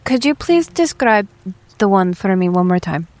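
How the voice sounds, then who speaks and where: A woman player chatting in a tabletop game, quick and questioning. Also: mid-range voice, very animated, darkish tone. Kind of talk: casual tabletop game chat.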